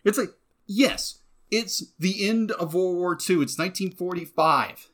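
Man, somewhat high-pitched, passionate, ranting, casual film review chat. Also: unhurried, fairly bright tone. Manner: heated, ranting, voice swings up when angry. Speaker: co-host.

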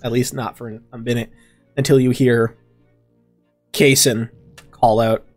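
A man's voice: mid-range voice, measured pace. Guy running a tabletop game, laid back, lots of um and like, faint music. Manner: relaxed, many fillers, chuckles. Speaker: game master.

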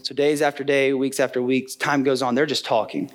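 A man's voice: mid-range voice, flat delivery, brisk. A young man giving a sermon in an earnest, conversational way, telling a story and acting out the voices of its people. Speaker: preacher. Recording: soft guitar music behind.

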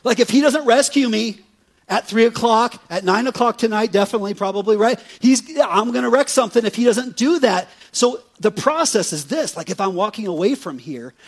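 Husky high-voiced male preacher. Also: a little fast. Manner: conversational, animated preaching with frequent "right?" asides. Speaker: pastor. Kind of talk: sermon.

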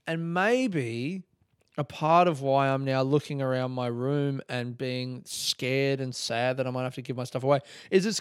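A man's voice: mid-range voice, clean tone, no room sound, studio quality. A young man hosting a solo podcast, rambling casually, swearing freely and laughing often. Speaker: podcast host.

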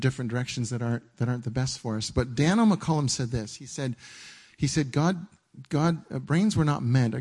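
A man preaching a casual, conversational sermon on a church stage, often repeating himself and acting out his own inner dialogue. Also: mid-range voice. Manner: conversational, animated, stumbling restarts and acted-out inner dialogue.

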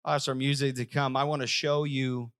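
A male pastor preaching a sermon with emphatic delivery, repeating phrases and swinging from loud, raised lines to soft, quiet ones. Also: medium pitch, flat delivery, normal speed, clear, resonant tone. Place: church service.

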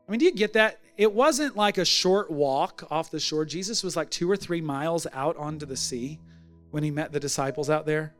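Male pastor, high and bright voice, animated storyteller preaching a sermon. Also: fairly quick, faint music behind.

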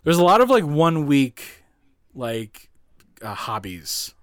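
A man's voice: a little high, very animated, slow, dry recording, clean studio sound. A man in his twenties chatting casually on a podcast, rambling with lots of filler words and laughing through his stories. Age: 20s. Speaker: podcast co-host.

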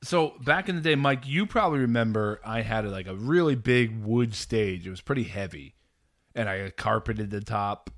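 A man's voice: fairly low pitch, normal speed, no echo, clean studio sound. A man hosting a podcast, rambling through a story with frequent laughs and fillers. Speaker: podcast host. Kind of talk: casual chat.

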